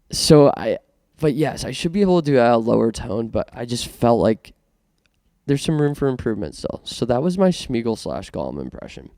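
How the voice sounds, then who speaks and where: A man's voice: medium pitch, gravelly, warm tone, dry recording, studio quality. A man from Canada hosting a casual podcast monologue, self-conscious and rambling with many restarts. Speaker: podcast host.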